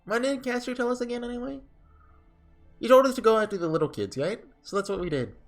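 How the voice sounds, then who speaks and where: A man's voice: very high-pitched, fast talker, soft background music, pitched above the performer's own voice. A man reading aloud as a callous male oni rider from a game, breezy and mocking.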